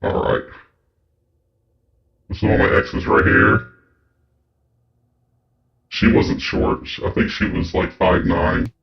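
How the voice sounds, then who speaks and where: A man's voice: deep voice, expressive, slow, long pauses. A man streaming a video game, chatting casually with viewers and swearing freely. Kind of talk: casual gaming stream chat. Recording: dull lo-fi mic with faint game music.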